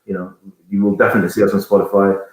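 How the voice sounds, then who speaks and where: Guest singer, man in his thirties from Jamaica, rambling chat, deep voice with heavy room echo. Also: level tone, very fast. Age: 30s. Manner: rambling, searching for words, many restarts. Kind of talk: casual interview chat. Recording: very echoey room.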